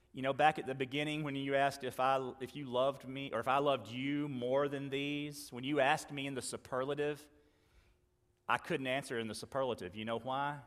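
A man preaching a sermon, earnestly acting out the dialogue he quotes and moving between loud emphasis and quiet asides. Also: medium pitch, long reverb tail. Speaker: pastor.

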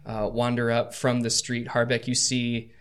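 A man's voice: medium pitch, completely flat delivery, moderate pace, a bit bright, smooth. A man running a tabletop game as game master, describing scenes like camera shots.

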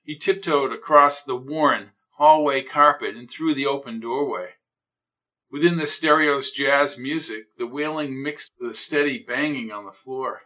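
A man narrating a mystery audiobook in a measured, steady storytelling manner. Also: mid-range voice.

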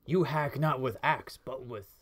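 A man doing a gruff dwarf warrior in broken speech. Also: medium pitch, unhurried, lightly acted. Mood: admiring. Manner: clipped broken grammar.

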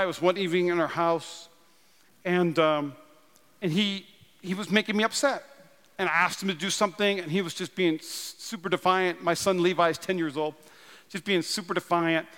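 A man in his thirties from North Dakota, preaching a sermon with animated storytelling and self-deprecating humor. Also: high voice, normal speed. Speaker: pastor. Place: large church auditorium. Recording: long hall reverb.

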